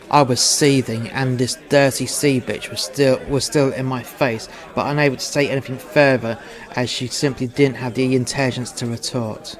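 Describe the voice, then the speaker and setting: A man's voice: mid-range voice, steady tone, normal speed. A man reading a first-person story in a blunt, profane, confrontational manner. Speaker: narrator.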